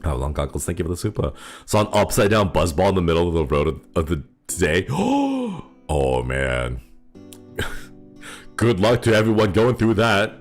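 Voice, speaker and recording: A man's voice: low voice, very animated, normal speed, faint music behind. A male streamer chatting casually with viewers, rambling and laughing often as he thanks supporters.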